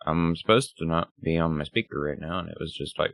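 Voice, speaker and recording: A man's voice: extremely low pitch, a little fast, fairly bright tone, dry recording. A male streamer with a groggy morning voice, chatting casually and rambling as he sets up a game, swearing now and then. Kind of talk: casual gaming livestream chatter.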